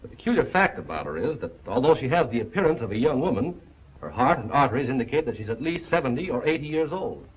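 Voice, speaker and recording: Man acting as an earnest 1940s film doctor, measured, quick, lively pitch, lo-fi old soundtrack. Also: lightly acted. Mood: explaining. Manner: measured, explanatory. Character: earnest male doctor explaining a case.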